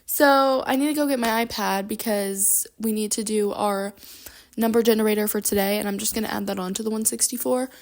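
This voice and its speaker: A woman's voice: medium pitch, fairly even intonation, brisk. A young woman chatting casually in a book vlog at home, bubbly and rambling, with lots of fillers, speaking into a handheld microphone. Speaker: book vlogger. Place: at home, moving between rooms.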